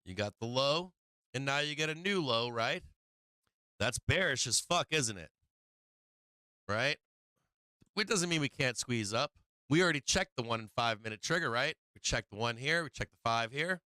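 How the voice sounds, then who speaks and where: Brief: male stock-stream host, bright and clear tone, close dry mic, loose and profane, voice getting worn. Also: mid-range voice, expressive, moderate pace, pauses often, dry recording. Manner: profane, chatty, laughing while watching charts. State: strained, tiring voice. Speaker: livestream trading host. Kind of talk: casual live-stream market commentary.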